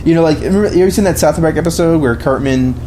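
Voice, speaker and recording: A man's voice: a little high, racing, mellow, slight background noise. A man co-hosting a podcast, chatting casually about films in a rambling way, full of restarts and fillers. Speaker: podcast co-host. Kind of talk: casual film discussion.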